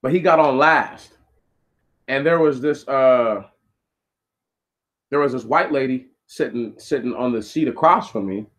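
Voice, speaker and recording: A man's voice: medium pitch, measured pace, long pauses, a bit bright. A man telling a story from his own life in a blunt, profane, casual monologue full of slang.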